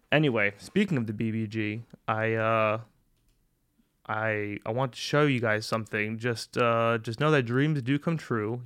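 A young man with a mid-range voice hosts a podcast, launching into a casual, comedic rant full of swearing and mocking put-on voices. The recording is dry and has a clean studio sound.

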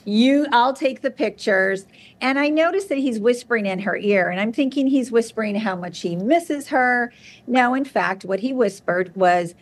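A woman guest on an interview show, telling an anecdote in a lively, chatty way. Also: a little high, moderate pace. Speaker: guest, television producer. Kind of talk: interview storytelling.

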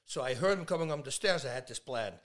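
A man in his fifties, a guest telling stories in casual talk, lively and laughing, acting out the people he quotes. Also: medium pitch, quick pace. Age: 50s. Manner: animated, laughs a lot, acts out dialogue. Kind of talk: casual storytelling.

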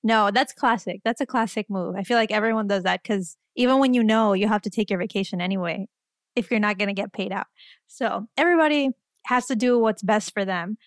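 A woman's voice: mid-range voice, no room sound. Dry-voiced, enthusiastic woman podcast host. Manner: enthusiastic, quick to gasp and laugh. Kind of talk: casual interview chat.

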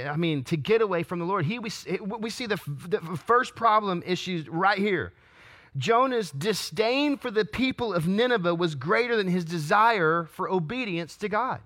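A man's voice: fairly high pitch, fairly bright tone. A man preaching a sermon, asking earnest rhetorical questions and stumbling into restarts as he reads and explains scripture. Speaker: pastor.

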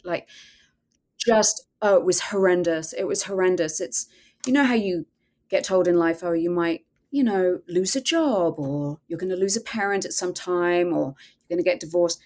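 A woman's voice: lowish voice, normal speed, darkish tone. A woman guest telling a personal story in a podcast interview, earnest and candid, often quoting her own thoughts.

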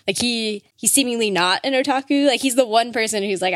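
A woman's voice: a little high, fairly quick, hardly any pauses, a bit bright, no echo, clean studio sound. A woman chatting casually about manga, giggling often between her thoughts.

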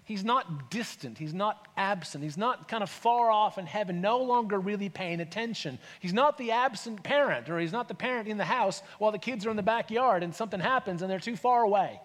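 Man, pastor, sermon, high animated voice, long church reverb. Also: a little fast, hardly any pauses. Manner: conversational, asks rhetorical questions, acts out voices.

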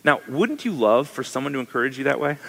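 A male pastor preaching a sermon in a conversational, animated way, asking his listeners questions. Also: mid-range voice, fast talker, gravelly, big-room sound.

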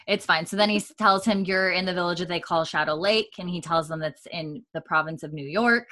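Low-voiced woman, casual podcast co-host, rambling recap full of fillers. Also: brisk, pushed and bright. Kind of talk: casual chat.

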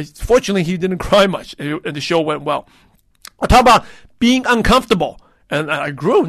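A man's voice: sits high, fairly bright tone, no echo. A man in his thirties hosting a casual solo podcast, chatty and rambling, with many restarts and fillers. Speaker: podcast host.

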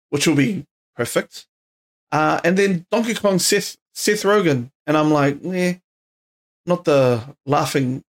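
A man's voice: a little high, gravelly. A man with a New Zealand accent hosting a solo podcast, rambling and tired, full of slang, swearing and fillers. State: tired, yawning. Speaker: podcast host. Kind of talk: casual solo podcast chat. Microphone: podcast microphone.

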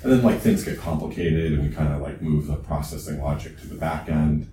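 A man's voice: rumbling low, a little fast. A man in a casual technical chat, hesitant and full of "like" and "um". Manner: hesitant, lots of "like" and "um". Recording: echoey room, distant mic, background noise.

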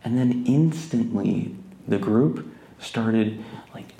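A man's voice: mid-range voice, takes it slowly, slight background noise. A man, a meditation teacher giving a casual, storytelling dharma talk at a retreat. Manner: casual storytelling, gentle and laughing. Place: retreat hall, indoors. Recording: echoey retreat room.

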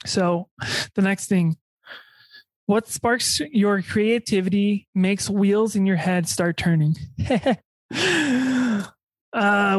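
A young woman hosting a podcast in a casual chat, rambling and halting with many fillers and restarts. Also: mid-range voice, darkish tone, dry recording. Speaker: podcast host.

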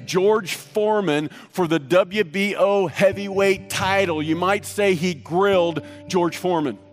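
A man's voice: sits high, measured pace. A man preaching a sermon to a congregation, emphatic, breaking into sung lines and jokes, with faint guitar music behind. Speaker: pastor.

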